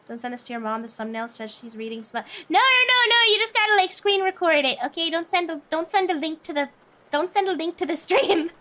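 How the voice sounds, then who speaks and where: A woman's voice: high-pitched, lively intonation, moderate pace, a bit bright. A young woman streamer chatting casually with viewers, playful and flustered, laughing often.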